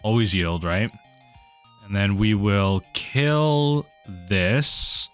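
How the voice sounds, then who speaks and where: A man commentating his own card game match for a video, muttering quietly at times and then bursting into excited yells. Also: extremely slow, clear, resonant tone, faint music behind. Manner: mutters low then erupts into excited yelling. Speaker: gaming video host.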